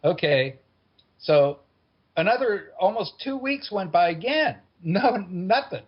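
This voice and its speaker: A man's voice: sits high, expressive, takes it slowly. A man telling a personal story in a wry, conversational way. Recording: dull lo-fi recording.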